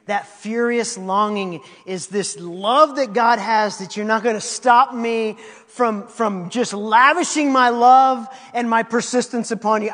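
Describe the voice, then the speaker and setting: A man tells a sermon as a story, his voice sitting high for a man. He acts out the quotes and swings between loud bursts and hushed lines. A long reverb trails behind him in a large church hall. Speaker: pastor.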